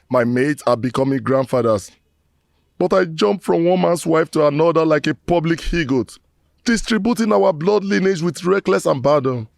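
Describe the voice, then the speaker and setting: A man's voice: fairly high pitch, creaky, a little mellow, no room sound. An actor playing a remorseful middle-aged man who prays formally to his ancestors in a Nollywood film, lamenting and pleading.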